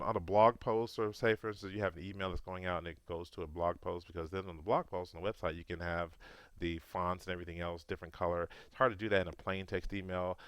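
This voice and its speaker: A man's voice: sits low, a bit bright, clear, resonant tone, no room sound. A man giving a casual marketing lesson on video, talking loosely and often correcting himself mid-sentence. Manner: conversational, loose, repeats and self-corrects.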